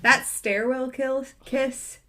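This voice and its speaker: A woman's voice: sits high, fairly even intonation, slow, crowd noise. A woman on a podcast panel in a casual chat, gushing and enthusiastic.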